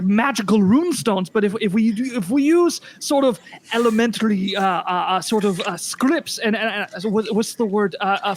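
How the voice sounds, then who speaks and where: A game master voicing a flustered, flattering veteran woman crime-scene captain who rambles. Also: medium pitch, slight background noise, lightly acted. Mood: rambling. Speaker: non-player character.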